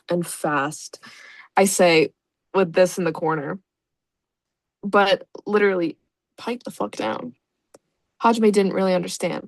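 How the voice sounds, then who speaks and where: A woman's voice: medium pitch, vocal fry, dry recording. Sarcastic, profane young woman reading aloud. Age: young adult. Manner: sarcastic, profane, self-mocking. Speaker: YouTuber. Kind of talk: reading aloud with reaction commentary.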